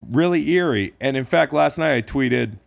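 A man's voice: mid-range voice, animated, normal speed, vocal fry, no echo. A man co-hosting a casual sports podcast, talking in a jokey, profane, rambling way with lots of restarts. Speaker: podcast co-host.

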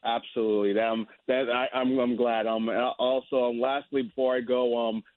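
Halting male caller on a tinny phone. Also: medium pitch, little pitch movement, no room sound. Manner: halting, many fillers, thankful. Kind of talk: phone call to a radio show.

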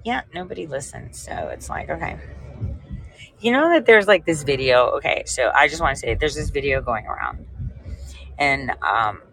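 This woman hosts a casual livestream chat, addressing her viewers directly as she tells rambling, animated stories. Her voice is deep and creaky, and she talks at a normal speed. The recording quality is low.

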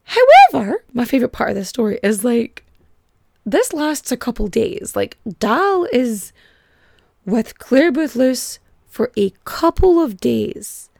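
A woman hosting a casual history podcast, chatty and irreverent, full of filler words and cheerful swearing. Her voice sits fairly high and swoops a lot, with a gravelly fry, recorded close and dry. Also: sing-song, takes it slowly, a little mellow, no echo. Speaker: podcast host.

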